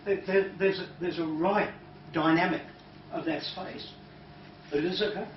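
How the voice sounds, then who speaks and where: A man who is a hypnotist, leading a live training demonstration and talking in a calm, soft-spoken way that sometimes drops to a hush. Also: sits high, moderate pace. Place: training room with an audience. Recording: roomy, distant, dull recording with noise.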